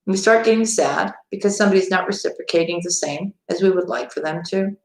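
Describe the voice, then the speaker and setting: A woman's voice: medium pitch, fairly quick, roomy sound, rough recording. A woman tarot reader chatting to viewers on a live-stream reading, talking to them directly and laughing often.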